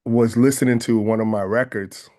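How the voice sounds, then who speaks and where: A man's voice: mid-range voice, steady tone, warm tone. Earnest Bay Area man, thoughtful guest. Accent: San Francisco Bay Area. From San Francisco Bay Area. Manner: earnest, measured, circles back to rephrase ideas. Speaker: interview guest. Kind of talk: reflective interview conversation.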